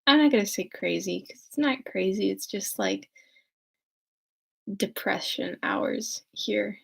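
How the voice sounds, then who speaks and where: A woman's voice: mid-range voice, expressive, moderate pace, gravelly, a bit bright. A young woman who chats casually and self-mockingly with many fillers, then reads a classic novel aloud. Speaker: audiobook reader.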